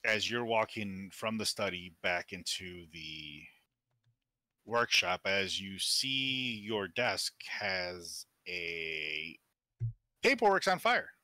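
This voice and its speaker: A man running a tabletop game as game master, narrating in a relaxed way and chuckling now and then. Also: deep voice, slow, dry recording.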